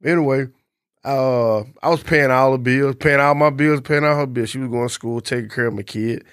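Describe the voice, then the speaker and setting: A man with a drawl tells a long story in casual chat. He's laid-back and profane, and he drops into other people's voices as he goes. His voice sits at a middle pitch, close and dry on the mic. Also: steady tone, normal speed, fairly bright tone, smooth, no room sound. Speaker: podcast co-host.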